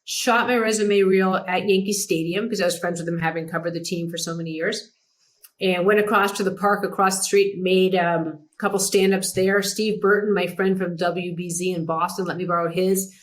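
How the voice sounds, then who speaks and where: A middle-aged woman hosting a podcast and telling career stories in a relaxed, animated way. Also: moderate pace. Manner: animated, mimics others in a higher pitch. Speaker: podcast host. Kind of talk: casual storytelling chat.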